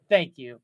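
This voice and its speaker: A young man hosting a casual solo livestream, rambling with jokey, self-mocking asides. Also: highs cut off. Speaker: livestream host.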